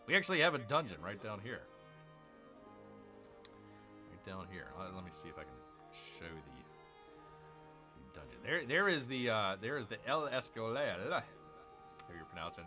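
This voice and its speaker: A man's voice: fairly low pitch, sing-song, fairly quick, sharp tone, soft background music. A man hosting a gaming channel, chatting casually through a strategy game, repeating himself and calling viewers "people". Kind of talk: casual let's-play commentary.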